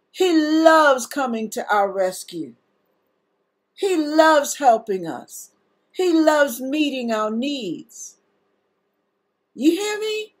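A woman preacher, giving an earnest sermon. She talks slowly and sincerely, and her voice can break with feeling. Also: high voice. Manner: emotional, tearful at times, earnest. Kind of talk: sermon-style teaching and testimony.

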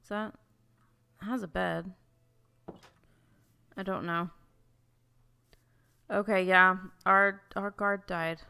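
A woman's voice: mid-range voice, fairly even intonation, takes it slowly, gravelly, pauses often, pushed and bright, clean tone. A woman hosting a let's-play, chatting casually through her gameplay, easily flustered and full of exclamations and restarts.

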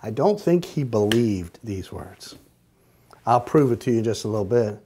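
A man teaching a Bible study lesson, retelling the story slowly and deliberately, repeating phrases for emphasis. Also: fairly low pitch, animated, warm tone, a little hiss or hum.

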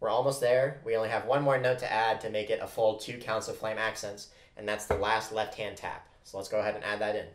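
Speaking briskly in a level, lowish tone with hardly any pauses, a percussion instructor patiently explains flam rudiments and counts off stickings. The echoey room carries loud drumming along with a little hiss or hum.

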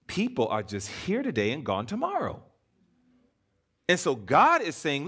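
A man delivering a sermon from a church pulpit, his voice sitting a little high for a man. He preaches with lively swings of pitch, pressing some points loudly and dropping to a hush for others. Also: measured pace, pauses often, slightly rough. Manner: emphatic preaching, swinging between loud and hushed.

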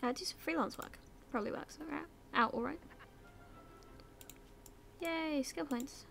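A young British gaming YouTuber chats quickly through a life-sim game in casual let's-play commentary, ordering her characters around. She slips into whispers and silly voices and swears casually. Her voice is high, a bit bright, with vocal fry and slight background noise.

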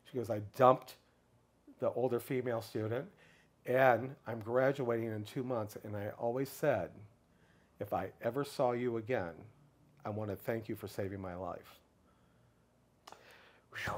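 A middle-aged man telling a long personal story in a casual interview, animated, and briefly raising his voice to act out what others said. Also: normal speed. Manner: animated storyteller, acts out others' lines in a raised pitch. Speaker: guest speaker.

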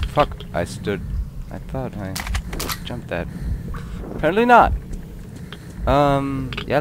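Sick, swearing man commenting on a game. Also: medium pitch. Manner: excitable, swears a lot. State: sick, coughing. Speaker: gamer. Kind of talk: let's play commentary. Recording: noisy game audio.

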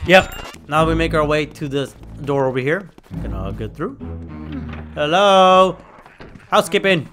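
A young man giving excitable, trash-talking commentary while playing a video game. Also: on the high side, measured pace, long pauses, soft background music. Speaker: gaming video creator. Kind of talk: gameplay commentary.

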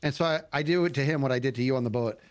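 A man's voice: mid-range voice, very fast. A man hosting a casual gaming stream, telling a story with acted-out quotes and frequent laughter. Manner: animated storyteller who acts out quotes and laughs.

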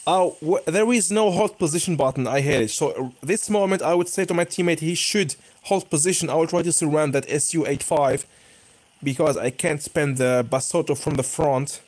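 Excitable gamer man. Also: fairly high pitch, normal speed. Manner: excitable, bursts of cheering and groaning. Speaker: gaming YouTuber. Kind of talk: live gameplay commentary.

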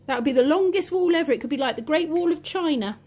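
A woman's voice: sits high, lively intonation, quick pace, warm tone. A woman working as a childminder, playing and talking with toddlers in an encouraging, teacherly way. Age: adult. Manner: sing-song, encouraging, teacherly. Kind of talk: playful talk with toddlers.

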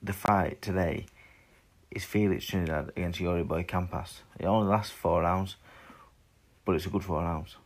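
A man's voice: deep voice, fairly even intonation, normal speed. A man in his twenties, a boxer, answering fan questions in a blunt, sweary, rambling chat. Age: 20s. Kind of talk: casual chat.

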